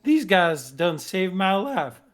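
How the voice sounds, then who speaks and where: A man's voice: sits high, very animated, takes it slowly, pitched above the performer's own voice, heavily acted. A man voicing Thorn, an earnest male cactus guide with a drawling country manner. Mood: folksy. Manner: drawling country talk, y'all-style folksiness.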